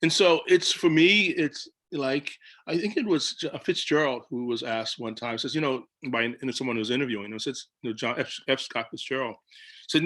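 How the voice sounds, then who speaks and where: A man's voice: mid-range voice, normal speed. A man, a children's book illustrator, telling stories on a video call and acting out his own lines. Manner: animated storytelling, acts out his own quoted lines. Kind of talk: casual talk on a video call panel.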